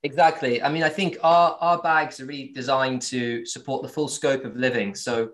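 A man's voice: medium pitch, steady tone, normal speed, a bit bright. A man with a Southern English accent, a company founder answering interview questions casually, with many fillers and restarts. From born in Virginia, raised with English accent.

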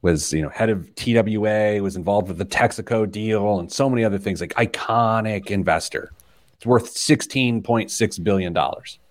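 A man in his forties hosting a personal finance podcast, telling stories in an animated way, laughing often and wandering off on tangents. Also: lowish voice, normal speed. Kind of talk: casual chat.

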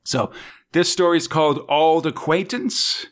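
A man's voice: on the high side, a little slow, a bit bright. A man hosting a casual podcast chat, rambling and hesitant, with lots of fillers and small laughs. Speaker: podcast host.

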